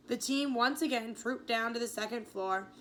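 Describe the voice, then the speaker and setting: Teacher lady reading a chapter book out loud, kinda high voice, little hiss in back. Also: normal speed. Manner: clear storytelling with small slips. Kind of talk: reading a novel aloud.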